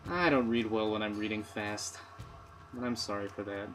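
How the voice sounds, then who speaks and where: A man's voice: lowish voice, normal speed, a bit bright. Self-mocking man doing game commentary. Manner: sarcastic, self-mocking asides. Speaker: let's player. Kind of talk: casual gameplay commentary. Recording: faint game music behind.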